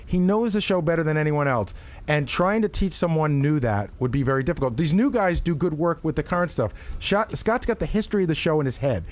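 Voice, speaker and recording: A man's voice: a little high, animated. A man who produces a radio show, talking in casual studio banter, rambling and restarting his sentences. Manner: fast, rambling, restarts often.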